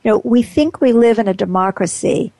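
A woman's voice: on the high side, brisk, mellow, dry recording. A woman giving a candid, earnest reflective talk about personal growth.

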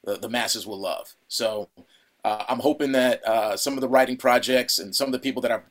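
A middle-aged man talks loosely in an interview, circling back with fillers and restarts. He tells stories from his acting work and sometimes breaks into a loud impression of a director. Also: medium pitch, fairly quick. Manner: rambling, many restarts, acts out a shouting director. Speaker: actor guest. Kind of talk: casual interview anecdote.

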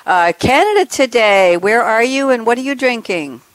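A woman's voice: a little high, moderate pace, dry recording. Chatty woman show host, dry sound. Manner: chatty and animated, asks many questions. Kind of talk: casual interview chat. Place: New York.

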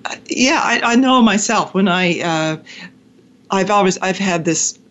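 A woman's voice: medium pitch, animated, measured pace, fairly bright tone, muffled recording. A woman hosting a podcast interview, listening attentively with frequent affirmations and asking questions. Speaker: podcast host.

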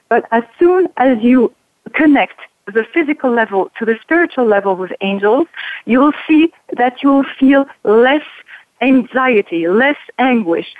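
Guest author: woman, French accent, calm and reassuring, slightly high voice, phone-line sound. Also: no echo. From France. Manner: calm, reassuring, searches for English words. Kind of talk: casual interview talk. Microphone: telephone call-in.

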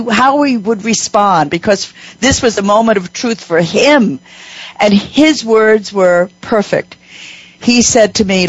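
A woman hosting a radio talk show, telling a workplace story with lively acted-out dialogue. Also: lowish voice, dry recording, lo-fi sound. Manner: animated storyteller, acts out quoted voices.

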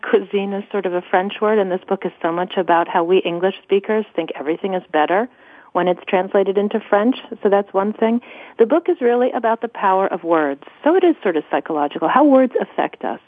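A woman's voice: medium pitch, no echo. Woman author guest, eager explainer, thin phone-line radio sound, dry. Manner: enthusiastic, explanatory. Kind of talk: radio interview.

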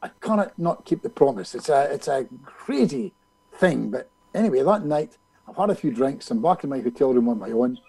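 A gravelly, somewhat husky man tells a story as an interview guest. His pitch swings widely as he acts out the other people in it. The sound is close and dry. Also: expressive, moderate pace, warm tone, dry recording, poor audio. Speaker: hypnotist guest. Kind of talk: telling a story in a conversational interview.

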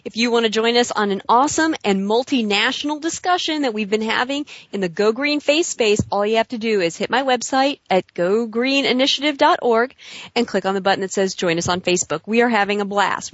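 A woman's voice: on the high side, a little fast, dry recording, dull audio. A woman hosting a radio talk show, chatting upbeat and enthusiastically with listeners and guests.

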